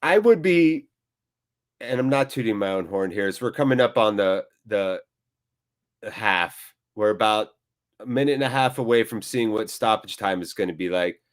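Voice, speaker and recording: A man's voice: fairly low pitch, normal speed. A man hosting a live football watchalong, chatting playfully and answering viewers by name. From United States. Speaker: host of a fan channel. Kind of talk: live match watchalong commentary and chat.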